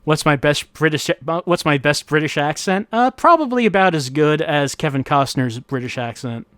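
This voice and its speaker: A man's voice: on the high side, animated, normal speed, fairly bright tone, no room sound. A man giving casual gameplay commentary as host, wry and musing, thinking aloud as he plays. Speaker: let's-play host. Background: faint game music.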